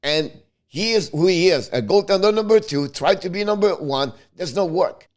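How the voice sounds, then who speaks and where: Frustrated hockey commentator with tinged English. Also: male voice, high-pitched, animated, normal speed. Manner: heated, frustrated, repetitive, broken English phrasing. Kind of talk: ranting fan commentary.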